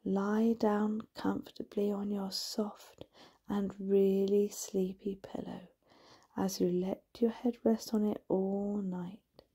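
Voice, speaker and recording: A woman's voice: fairly high pitch, slightly rough, heavily acted. A woman doing a sleepy, comforting mole. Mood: sleepy, soothing. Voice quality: soft, hushed and slow. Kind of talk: bedtime story.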